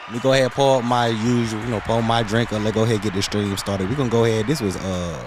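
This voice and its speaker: A slightly low-voiced man hosts a casual livestream from a home setup, easygoing and full of slang. He calls out viewers by name as he chats, with faint music playing underneath. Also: steady tone, fast. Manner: laid-back slangy talk, greets viewers by name. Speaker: livestream host.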